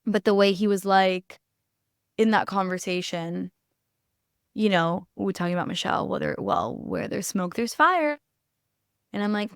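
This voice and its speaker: A woman's voice: mid-range voice, measured pace, vocal fry, pauses often, clean tone, no room sound, studio quality. Blunt, swearing young woman podcaster. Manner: blunt, swears freely, animated, many "like" fillers. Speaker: podcast host. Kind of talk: casual opinion commentary.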